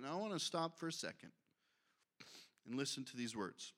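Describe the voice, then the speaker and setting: A man preaching a sermon, reading scripture aloud and breaking off into lively, conversational asides. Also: mid-range voice, moderate pace, long pauses. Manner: reads scripture aloud, then breaks off to comment. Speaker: pastor.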